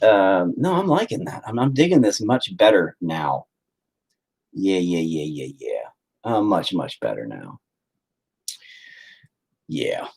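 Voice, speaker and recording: A man with a deep, slightly mellow voice paints and chats with viewers in a profane, rambling, mock-angry rant. There's a little hiss or hum on the recording.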